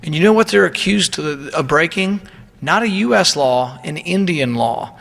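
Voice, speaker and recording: A man's voice: fairly high pitch, lively intonation, moderate pace, gravelly, a bit bright, long reverb tail. A man giving an indignant, emphatic public speech and telling stories of ordinary people.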